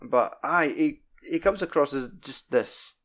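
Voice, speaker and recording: A man's voice: a little high, a little slow. A man with a Scottish accent chatting casually about films, rambling and swearing often. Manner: sweary, rambling and animated retelling. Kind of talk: casual film chat.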